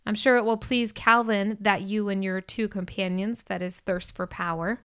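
A woman's voice: medium pitch, steady tone, normal speed, fairly bright tone, clear, resonant tone, natural voice. A woman voicing a hurt, cold young man. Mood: wounded, cold.

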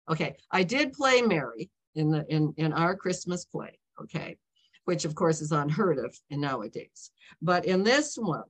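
Rambling woman in her seventies, lowish voice. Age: 70s. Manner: rambling, frequent "okay?" and "you know" check-ins, self-interrupting. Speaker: author. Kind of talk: casual author talk, anecdotal storytelling.

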